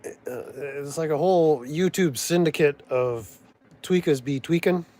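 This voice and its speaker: A man's voice: on the high side, a little slow, mellow. Rambling sardonic Canadian man. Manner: meandering, sardonic, full of restarts and trailing thoughts. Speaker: vlogger. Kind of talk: rambling casual commentary.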